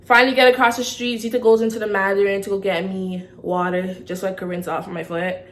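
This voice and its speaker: A woman's voice: mid-range voice, fast talker. Young woman telling a story. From Toronto, Canada. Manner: lively storytelling, keeps checking in with "okay?". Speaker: vlogger. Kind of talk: story time vlog.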